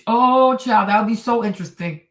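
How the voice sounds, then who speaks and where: A woman's voice: a little high, a little fast. A woman hosting a commentary show, reacting to clips with indignant, mocking sarcasm. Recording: echoey room, distant mic.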